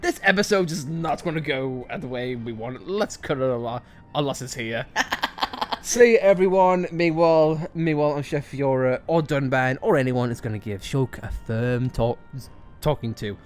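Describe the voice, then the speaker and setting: A man hosting a let's play, joking and excitable as he comments on the game. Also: medium pitch, normal speed, faint music behind. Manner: excitable, jokey, laughs often. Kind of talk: gameplay commentary.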